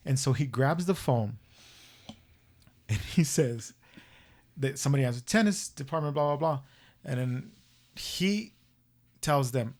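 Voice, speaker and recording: A man hosting a podcast, telling a story in a casual, profane, animated way and acting out the voices he quotes. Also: mid-range voice, normal speed. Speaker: podcast host.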